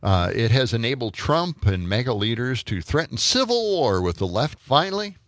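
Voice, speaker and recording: A man's voice: medium pitch, sing-song, moderate pace, no room sound, clean studio sound. A man in his fifties hosting a casual morning radio show, rambling with fillers and chuckles. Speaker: radio talk show host. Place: radio studio. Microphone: studio microphone.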